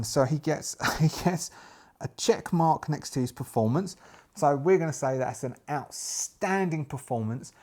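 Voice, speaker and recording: A man's voice: medium pitch, a little mellow. A man, narrating a solo tabletop game and thinking aloud as he works through his dice rolls.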